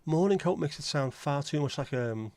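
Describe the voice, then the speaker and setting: A man's voice: fairly high pitch, expressive, moderate pace, a little mellow, no echo. A man with a Liverpool accent hosting a casual livestream chat, joking, swearing freely and greeting viewers by name. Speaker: livestream host.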